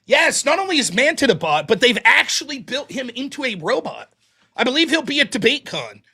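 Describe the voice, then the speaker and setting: Bright, lively-voiced man reading super chats. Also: a little fast, husky. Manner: reads donor messages in a lower, quieter voice; mocking, sarcastic humor. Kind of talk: casual live-stream chat.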